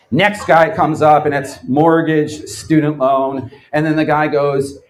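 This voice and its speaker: A man's voice: fairly high pitch, slow, noisy background. Sardonic man telling stories on stage. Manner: sardonic, animated storytelling with acted-out quotes. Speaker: lecturer, former quiz show champion. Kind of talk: comedic live lecture. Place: bar event space before a live audience.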